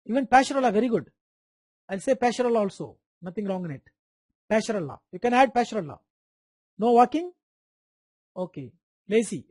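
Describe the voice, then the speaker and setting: A man's voice: high-pitched, dry recording. A man with an Indian English accent giving a live online medical lecture, repeating key terms, quizzing students by name and making playful sound effects.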